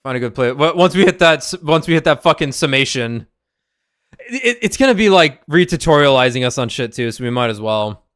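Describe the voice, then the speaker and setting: A man's voice: a little high, sing-song, a little fast, fairly bright tone. Rambling man streaming a game. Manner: rambling, swears freely, stammers on restarts. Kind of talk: casual gaming commentary.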